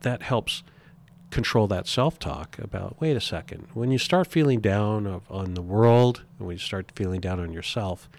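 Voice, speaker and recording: A middle-aged man with a fairly low, creaky, somewhat mellow voice talks reflectively as an interview guest. He's earnest but halting, often stumbling and restarting his sentences.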